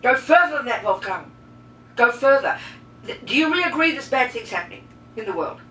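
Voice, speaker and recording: A woman teaching a talk to a group, lively and emphatic, asking and answering her listeners' questions. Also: a little high, a little fast. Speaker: Buddhist teacher. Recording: echoey room, mic at a distance, faint noise.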